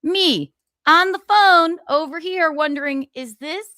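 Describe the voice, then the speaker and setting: A woman in her thirties talks straight into a close mic with no room sound around her. Her voice sits a little high as she runs a sarcastic gossip commentary. She swears freely and laughs between her jabs. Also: measured pace, sharp tone, no room sound. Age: 30s. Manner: sarcastic, profane, laughing asides. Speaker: livestream host.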